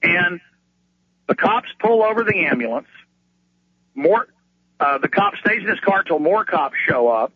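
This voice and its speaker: A man's voice: high voice, expressive, a little slow, pauses often, husky, no echo. A male radio talk show host delivering a heated, ranting monologue, stumbling over and repeating words as he gets worked up. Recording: dull lo-fi radio recording.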